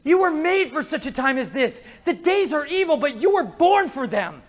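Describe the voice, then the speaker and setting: A man's voice: very high-pitched, big pitch swings, normal speed. A man preaching a conference sermon, impassioned and emotional, mixing casual slang into his preaching. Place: conference hall.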